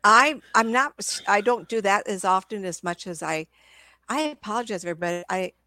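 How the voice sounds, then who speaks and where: An older woman with a sore throat chats casually as a psychic medium guest, telling meandering stories with lots of restarts. Her voice is mid-range, fairly quick and sharp in tone, and the recording is dry.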